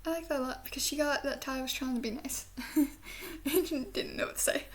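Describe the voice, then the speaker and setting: A woman's voice: high-pitched, steady tone, moderate pace. A woman from the southern United States with a speech impediment that she says sounds British, rambling casually through a review with lots of fillers and giggles. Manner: chatty and giggly, with many "like" fillers and soft whispered asides. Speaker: video reviewer.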